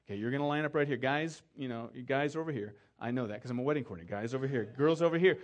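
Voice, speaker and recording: A middle-aged man, a pastor, preaching a sermon in a conversational storytelling way, acting out the people he quotes and dropping soft for emphasis. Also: mid-range voice, racing, lo-fi sound.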